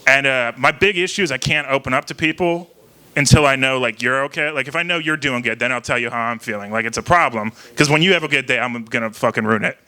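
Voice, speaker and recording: A young man from Ohio doing an open mic stand-up set, rambling and halting, laughing at his own jokes. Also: medium pitch, bright, forceful tone, smooth. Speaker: stand-up comedian. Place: small bar venue with live crowd.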